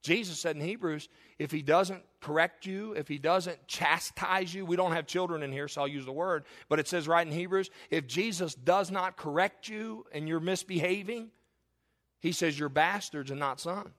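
High-voiced preaching man. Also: moderate pace, fairly bright tone. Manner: impassioned preaching with rhetorical calls to the congregation. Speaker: pastor. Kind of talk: sermon.

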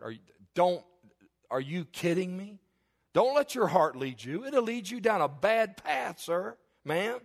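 A man's voice: sits high, lively intonation, a little slow. A middle-aged male pastor preaching a sermon, conversational and candid, with rhetorical questions. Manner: confessional, candid storytelling.

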